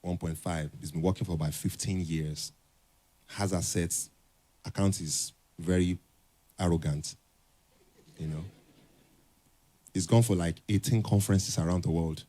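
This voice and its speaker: A young man talks to a conference audience in a lowish voice. He slips into little comic skits, then drives his point home with loud, repeated urging. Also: unhurried, long pauses. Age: young adult. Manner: animated, acts out dialogues, builds to emphatic urging. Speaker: conference speaker. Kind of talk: motivational talk with comic skits. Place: conference hall stage.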